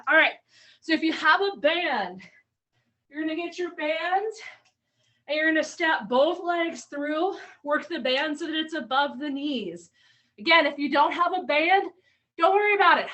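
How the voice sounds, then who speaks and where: High bright woman coaching a workout. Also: recorded from a distance, low-quality recording. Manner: upbeat cueing, counting down reps. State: slightly out of breath. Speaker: fitness coach. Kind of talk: live online workout instruction.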